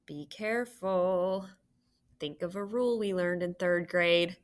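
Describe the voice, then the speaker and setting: A woman's voice: on the low side, moderate pace. A young woman teaching a recorded phonics lesson for children, patient and encouraging, sounding out words and letters.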